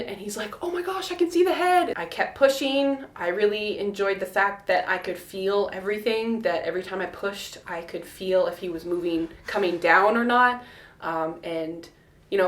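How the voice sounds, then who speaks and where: A young woman telling a personal story to camera in a casual, animated way, laughing often and acting out quotes. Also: mid-range voice. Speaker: vlogger. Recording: echoey room.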